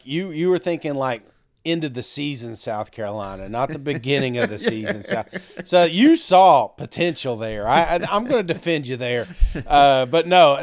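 A man co-hosting a sports podcast, teasing his partner and laughing often. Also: medium pitch. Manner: teasing, laughing, good-natured. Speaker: podcast co-host. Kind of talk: casual sports chat.

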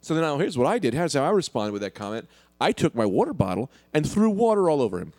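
A man telling a story in casual podcast chat, brash and animated. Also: on the high side, fast talker, no echo. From New York. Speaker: podcast co-host.

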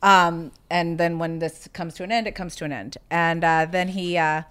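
A woman on a podcast as a guest, telling personal stories in a chatty, animated way. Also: fairly low pitch, normal speed, clean tone. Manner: chatty and animated, quoting others as she tells stories. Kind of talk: casual storytelling.

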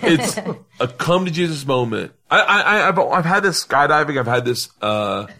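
A middle-aged man spins a rowdy, profane story in a loose podcast chat. His pitch swings widely as he acts out other people's lines and laughs through the telling. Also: normal speed. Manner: animated, swearing, laughing storyteller acting out quotes. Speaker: comedian guest.

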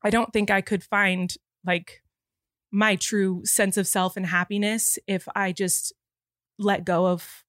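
A woman co-hosting a podcast in casual chat, tearful and emotional, talking quickly and animatedly with laughter breaking in. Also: medium pitch, no echo, studio quality. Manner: rapid, animated talk broken by laughs. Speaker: podcast co-host.

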